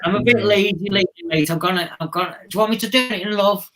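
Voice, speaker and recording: Scouse stream host, higher register, laid-back and rambling. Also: male voice, very fast, a crowd in the background, low-quality recording. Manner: rambling, easygoing, chuckling between points. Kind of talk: casual chat.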